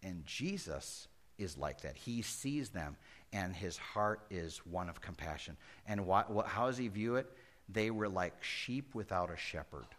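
A middle-aged pastor preaching a conversational sermon that rises to emphatic peaks. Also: male voice, fairly low pitch, fairly bright tone.

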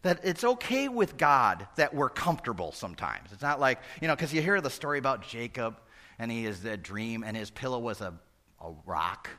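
A middle-aged male pastor preaching a sermon, moving between loud exclamations and hushed asides. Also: medium pitch, sing-song, normal speed.

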